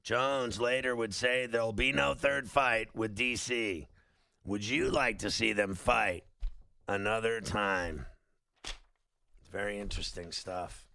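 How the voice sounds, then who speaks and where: A male sports radio host with a gravelly, very bright voice, rambling through casual banter full of fillers. The studio sound is dry and close. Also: fairly low pitch, takes it slowly, dry recording. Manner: animated, rambling, lots of fillers.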